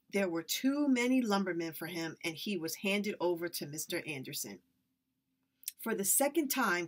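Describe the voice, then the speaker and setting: A woman reading a story aloud with expressive, lively narration. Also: mid-range voice. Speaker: reader.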